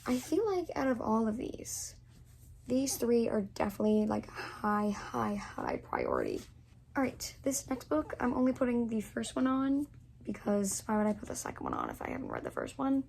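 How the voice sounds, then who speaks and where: A woman's voice: on the high side, wildly swooping pitch, moderate pace, gravelly, a little mellow, slight background noise. A young woman in her twenties chatting casually to camera as a book vlogger, gushing and full of fillers.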